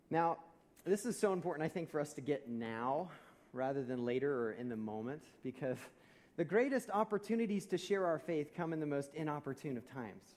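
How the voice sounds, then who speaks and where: A man, a pastor, preaching a conversational sermon in a church, telling stories with humor and swinging between loud and soft. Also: on the high side.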